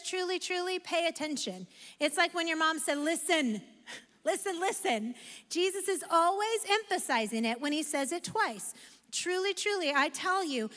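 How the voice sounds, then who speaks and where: A woman pastor giving an animated, emphatic sermon in a church sanctuary. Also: very high-pitched. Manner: animated, emphatic preaching with self-aware asides. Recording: long reverb of a large hall.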